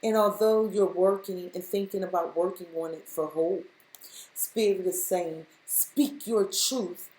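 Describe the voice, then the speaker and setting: A woman's lowish, darkish voice moves at a measured pace through a spiritual tarot reading. Addressing the listener directly, she repeats key points emphatically. The recording has a roomy echo.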